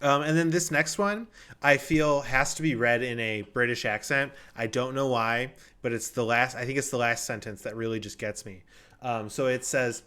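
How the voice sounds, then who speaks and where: A man's voice: medium pitch, moderate pace, pushed and bright, smooth. A man hosting a game show, chatting loosely with frequent ums. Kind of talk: casual hosting banter.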